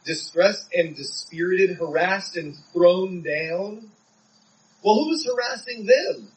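Male preacher from San Diego, earnest conversational sermon, a bit high-pitched, mic set back, faint crickets behind. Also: slow, recorded from a distance, a little hiss or hum, low-quality recording.

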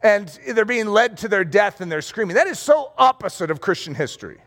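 A middle-aged male pastor preaching a playful sermon, acting out scenes and shouting for effect. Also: high-pitched, animated, fairly quick. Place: room with rows of chairs.

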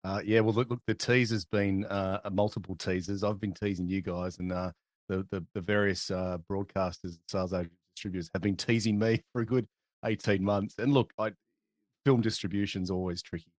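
Chatty guest, low dry voice. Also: male voice, steady tone, a little fast, no echo. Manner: chatty, rambling with restarts. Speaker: podcast guest, documentary filmmaker. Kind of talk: casual podcast chat.

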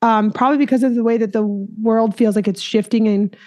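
A woman's voice: on the high side, steady tone, fairly quick, a little mellow. A woman podcast host from Minnesota, chatting casually and empathetically with a guest, with plenty of "like" fillers. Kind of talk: casual interview chat.

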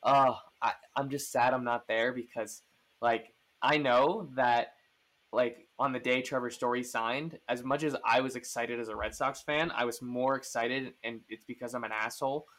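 A podcast host with a fairly bright, mid-range voice chats casually about sports at normal speed with fairly even intonation. His talk rambles, packed with fillers and restarts.

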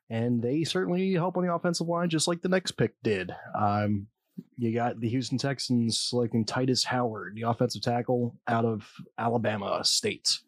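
A man's voice: medium pitch, no echo. A man giving casual, opinionated commentary on football draft picks, blunt and swearing at times.

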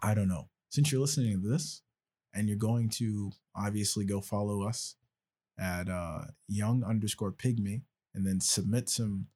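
A man's voice: lowish voice, moderate pace, mellow, breathy edge. A man hosting a podcast in casual chat, loose, joking and rambling. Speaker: podcast host.

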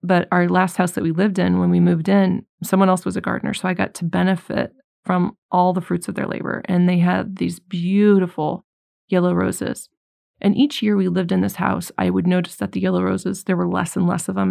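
A woman giving an earnest, conversational faith talk, mixing scripture with personal stories and getting animated when she acts out her own thoughts. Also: on the low side, a little fast, vocal fry, no room sound, clean studio sound. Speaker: Christian speaker.

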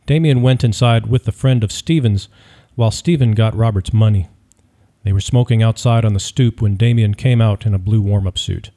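Low, mellow male audiobook narrator. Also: normal speed. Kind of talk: scripted narration.

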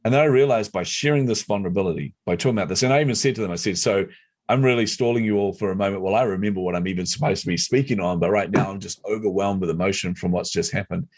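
A middle-aged man telling a personal story as an interview guest, animated and competitive. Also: deep voice, very fast. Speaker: guest, speaker and entrepreneur.

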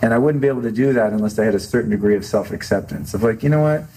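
Middle-aged male guest, low mellow voice, candid and reflective interview talk. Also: very fast, a little hiss or hum, poor audio. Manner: earnest, open and self-reflective, with many restarts. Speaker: podcast host as interview guest. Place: studio set for a filmed talk show.

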